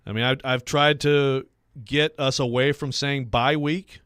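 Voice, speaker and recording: A man hosting a sports talk radio show, rambling and self-deprecating, quick to laugh. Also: medium pitch, steady tone, a bit bright, smooth, no echo, studio quality.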